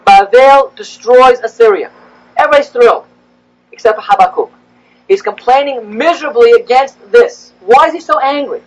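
A man, a rabbi, giving a classroom lecture, animated and rising in pitch as he acts out the prophets' complaints. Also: normal speed, poor audio.

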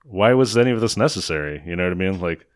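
A man's voice: deep voice, lively intonation, fast talker, smooth, no echo, studio quality. A man recapping a film in casual chat, sarcastic and mocking, often slipping into put-on voices to quote lines. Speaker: podcast host recapping a film.

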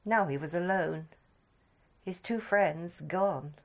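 A woman narrating a story in a measured, expressive storytelling manner that drops soft at tense moments. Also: lowish voice.

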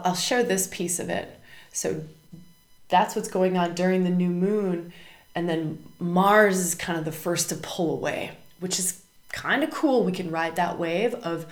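A woman's voice: fairly low pitch, creaky. Woman podcast host for a spiritual astrology show, emphatic and repetitive, recorded in a roomy space. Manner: emphatic, repeats words and tags "right?".

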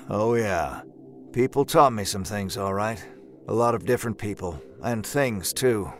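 Low-voiced folksy male narrator. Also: measured pace, slight background noise. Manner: folksy old-timey drawl, laid-back and wry. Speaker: first-person narrator and lead character. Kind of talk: scripted audio drama narration.

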